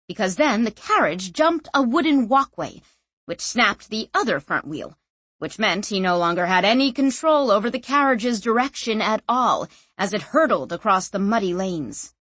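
Female audiobook narrator, steady even read, dry close studio sound. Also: mid-range voice, normal speed, dry recording. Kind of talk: scripted fantasy audiobook narration.

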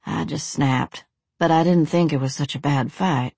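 A woman voicing a heartbroken young male saloon pianist who mumbles softly in a wounded voice. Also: sits low, moderate pace, vocal fry, slightly rough, dry recording, full character voice. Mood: hurt.

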